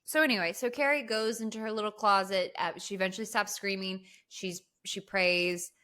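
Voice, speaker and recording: Woman retelling a movie scene by scene, bright clear voice, chatty and loose. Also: medium pitch, normal speed. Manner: animated storyteller, swears casually. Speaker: podcast host. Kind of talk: casual movie recap chat.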